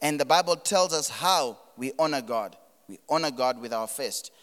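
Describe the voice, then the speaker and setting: A man's voice: mid-range voice, lively intonation, moderate pace, a bit bright, big-room sound. A man preaching a sermon, building emphasis and repeating words as he drives his points. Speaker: pastor.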